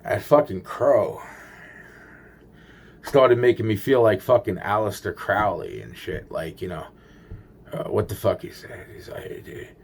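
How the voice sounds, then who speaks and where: A man's voice: fairly low pitch, expressive, measured pace, gravelly, pauses often, slightly rough. A man rambling through a paranoid personal story, swearing constantly and restarting his sentences.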